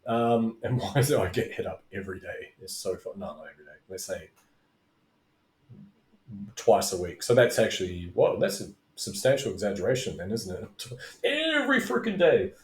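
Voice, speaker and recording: A man's voice: fairly low pitch, sing-song, normal speed. A middle-aged man, teaching as a business coach in a casual, rambling way, with tangents and swearing. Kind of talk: casual talking-head video lesson. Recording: roomy echo.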